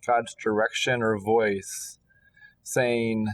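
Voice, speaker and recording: A man hosting a podcast, gently affirming his guest and asking reflective follow-up questions. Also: fairly low pitch, level tone, extremely slow, dry recording. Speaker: podcast host. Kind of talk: interviewing casual chat. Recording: voice distant from the mic.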